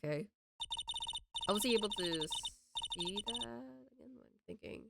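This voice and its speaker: A woman's voice: mid-range voice, lively intonation, unhurried, gravelly, pauses often, bright, forceful tone, slight background noise. A woman streamer giving casual, chatty commentary while playing a story game, reacting emotionally as she goes. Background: game music.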